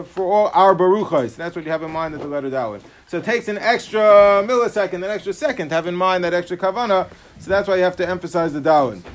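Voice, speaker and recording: Fast-talking, high-voiced rabbi teaching Talmud. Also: male voice. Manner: rapid explanatory delivery with Hebrew terms and fillers. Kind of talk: Talmud lecture.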